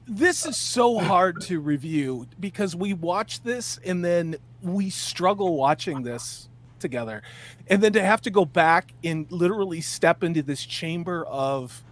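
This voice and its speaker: A male co-host in a casual reaction chat, with a voice pitched high for a man. He sounds exasperated and scornful, stumbling and restarting as he tears into what he watches. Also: animated, measured pace.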